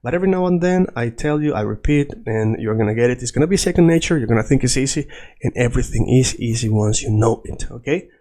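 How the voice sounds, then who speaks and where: A man teaches a language lesson in English. He speaks patiently and repeats each word so learners can follow. His voice sits at an ordinary middle pitch. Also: lively intonation, quick pace, warm tone. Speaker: Spanish teacher.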